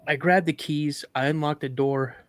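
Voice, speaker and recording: A man with a fairly high voice, speaking at normal speed, is a guest on a live show recounting a frightening encounter. He gets emotional and acts out other people's voices in an animated retelling. Slight background noise is audible.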